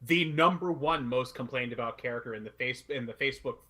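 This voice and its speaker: A man's voice: medium pitch, a little fast, sharp tone. A man co-hosting a podcast, blunt and emphatic in casual chat. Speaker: podcast co-host.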